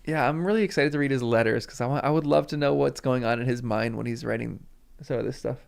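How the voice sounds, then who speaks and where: Guy doing a live stream, bit of vocal fry, emotional and chatty with chat, reads bits of a book out loud. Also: medium pitch, fast talker. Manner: emotional, chatty, thanks viewers warmly. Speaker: live-stream host reading a book aloud.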